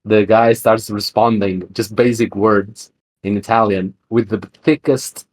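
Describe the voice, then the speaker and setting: Low-ish guy cohosting a podcast, rambly, lots of "like" and "uh", chatty. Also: fairly even intonation, measured pace, darkish tone. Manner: rambling, full of fillers and restarts. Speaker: podcast co-host. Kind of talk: casual chat.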